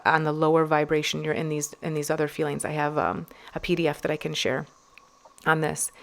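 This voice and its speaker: Woman podcast host, low gravelly voice, chatty rambling solo delivery. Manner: rambling, chatty, many fillers and restarts. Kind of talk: casual solo podcast talk.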